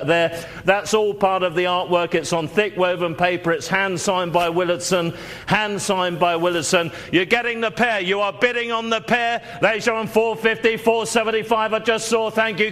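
A man calling a live auction, running through bids quickly with frequent fillers. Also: high voice, a bit bright. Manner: rapid bid calling with many fillers.

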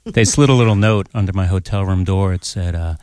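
A man, a comedian guest on a radio show, speaking slowly in a laid-back, soothing deadpan. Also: deep voice, no echo. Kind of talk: radio talk show chat.

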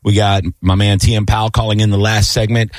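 A middle-aged man hosting a radio show in casual banter, animated, jokey and swearing freely. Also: lowish voice, fairly quick, dry recording, clean studio sound.

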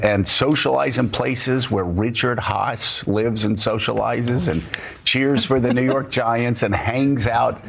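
A man's voice: medium pitch, vocal fry, slightly rough. A man hosting a political talk show, emphatic and heated, repeating words as he builds a point. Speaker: host.

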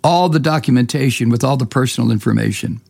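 A man's voice: mid-range voice, fast, creaky, a little mellow, dry recording. A man hosting a talk show, delivering angry, profane, sneering political commentary. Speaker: radio talk host.

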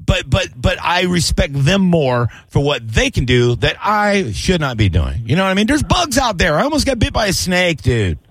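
A man's voice: sits high, very animated, moderate pace, hardly any pauses, a bit bright, no echo. Casting: middle-aged male radio host, loose joking banter, dry close sound. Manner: joking, whiny on purpose. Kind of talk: casual call-in radio talk.

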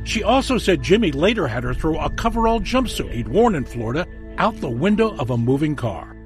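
A man's voice: on the high side, sing-song, fairly quick. A man narrating a true-crime broadcast in a scripted, emphatic documentary style. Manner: dramatic, emphatic delivery. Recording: studio voice-over over music.

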